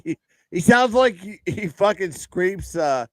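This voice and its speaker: A man co-hosting a live sports betting stream, joking crudely and breaking into excited outbursts. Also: sits high, measured pace, no room sound. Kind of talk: casual banter on a live stream.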